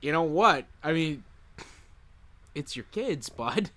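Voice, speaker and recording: A man's voice: a little high, animated, takes it slowly, bright, forceful tone. A man co-hosting a podcast, dropping wry jokes and pushback in casual movie-review chat. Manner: wry, jokey interjections. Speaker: podcast co-host.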